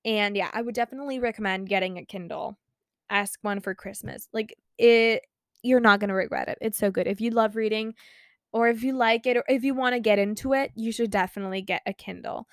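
Gushing teen girl with a smooth, high voice. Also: a little fast, dry recording. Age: teens. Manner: gushing, excitable, swears freely. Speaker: podcast host. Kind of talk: casual chat.

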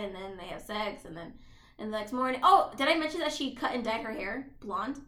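A woman with a high, bright voice chats casually as a podcast co-host, swearing freely and jumping between a retelling and her game. She sounds like she is in an echoey room. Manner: sweary, animated retelling with quick asides. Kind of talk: casual chat, recapping a movie while playing a video game.

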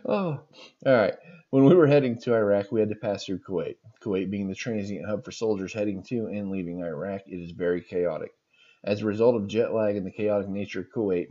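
A man's voice: fairly low pitch, mellow, dull audio. A man hosting a podcast, reading funny stories aloud and reacting with laughs between them.

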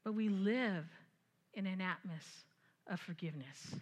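A woman preaching a conversational sermon, retelling scripture with lively asides and frequent laughter. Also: lowish voice, a little slow, husky.

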